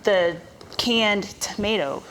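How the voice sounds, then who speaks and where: A woman's voice: mid-range voice, expressive, slow, a bit bright, slight background noise. A woman chef giving a cooking demonstration, explaining each step in a chatty, instructive way.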